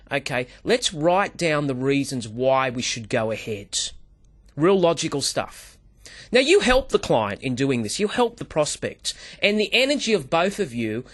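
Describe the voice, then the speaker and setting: Animated man teaching sales. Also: a little high. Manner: animated storyteller who acts out dialogue and keeps addressing the host. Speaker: sales trainer guest. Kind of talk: animated interview talk.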